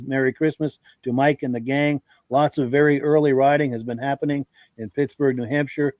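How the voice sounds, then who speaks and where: A man with a stuffy, congested voice hosts a live podcast, reading out viewer comments and greeting each person by name in a friendly, folksy way. His pitch sits in an ordinary middle range. The sound is dry and close, with almost no room echo. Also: darkish tone. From Vermont. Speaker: podcast host.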